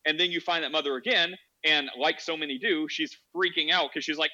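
On a lo-fi recording, a man with a sharp, higher-leaning voice speaks a little fast with fairly even intonation. He's the host of a laid-back Christian discussion podcast, earnestly making his points and voicing the people he quotes.

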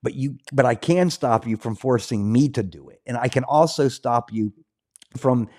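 Man host, mellow dark tone, earnest, halting restarts, mid pitch. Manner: earnest, with many restarts and fillers. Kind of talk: conversational talk show.

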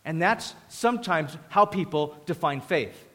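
Male pastor, casual preaching voice, acts out quotes; high-pitched, big reverberant hall. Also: animated, unhurried, sharp tone. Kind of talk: sermon.

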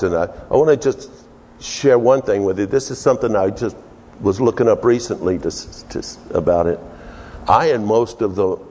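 A middle-aged man from Texas, preaching with lively storytelling and chuckles. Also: lowish voice, husky. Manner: animated storyteller, chuckling, acting out voices. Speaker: pastor. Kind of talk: storytelling sermon. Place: church sanctuary. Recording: reverberant church hall.

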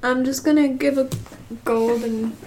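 A woman's voice: high voice, fairly even intonation, a little slow, darkish tone. A woman playing in a tabletop game, talking casually and thinking aloud as she plans, often hesitating. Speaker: player. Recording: echoey room with faint noise.

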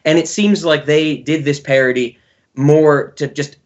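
A man's voice: a little high, fairly even intonation, a little slow, muffled recording. A man hosting a podcast in casual chat, teasing his co-host and laughing often.

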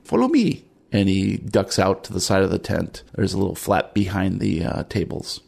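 A man narrating a tabletop horror game as game master, describing scenes in a relaxed way with small fillers. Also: low-pitched, normal speed, gravelly.

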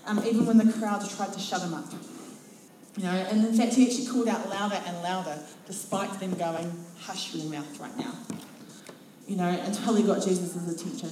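Warm-voiced New woman preaching. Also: medium pitch, slight background noise. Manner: expressive storytelling, acts out quotes. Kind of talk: sermon. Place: church. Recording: very echoey church from a distance.

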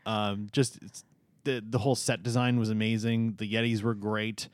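A man's voice: lowish voice, level tone, moderate pace, dry recording. A man co-hosting a podcast in casual chat, talking with frequent ums and uhs. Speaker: podcast co-host.

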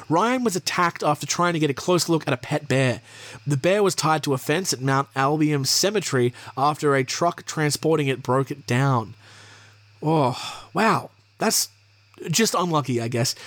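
A man's voice: a little high, dry recording. A young man hosting a podcast, reading from a list and breaking off into profane, sarcastic asides. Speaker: podcast host. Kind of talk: casual commentary reading from a list.

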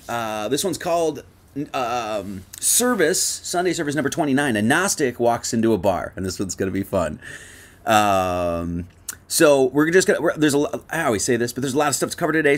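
A man's voice: medium pitch, animated, brisk. A man hosting an online Sunday service, talking loose and chatty, with many fillers and restarts. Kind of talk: casual spoken sermon and lecture.

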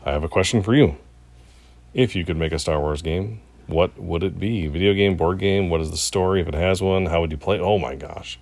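A man's voice: low-pitched, fairly quick, darkish tone. A man co-hosting a podcast, chatting casually and reading out listener emails, with frequent hesitations and restarts. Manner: hesitant, many fillers and restarts. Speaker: podcast co-host.

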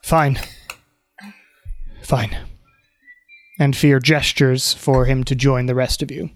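A man calmly narrating as game master of a tabletop role-playing game, with frequent restarts. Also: mid-range voice, normal speed, faint music behind.

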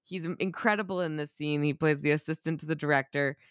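A podcast co-host chatting excitedly about a movie, swearing freely, acting out quotes and laughing often. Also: mid-range voice, fast talker, clean tone, no room sound, studio quality. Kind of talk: casual movie review chat.

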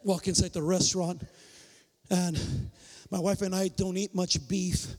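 A male pastor from a Mexican-American migrant family, preaching with stories, acting out dialogue and shouting for emphasis. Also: high voice, fairly even intonation, a little slow. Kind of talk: sermon with storytelling. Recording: long reverb of a large hall.

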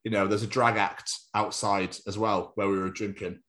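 Chatty young man, low voice. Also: little pitch movement, moderate pace, fairly bright tone. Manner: chatty, jokey, slips into silly put-on voices. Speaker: podcast co-host. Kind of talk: casual chat.

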